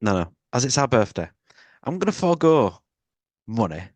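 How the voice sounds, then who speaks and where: A man's voice: medium pitch, sing-song, normal speed, dry recording. A man hosting a casual movie podcast, joking and teasing his co-host in a rambling way.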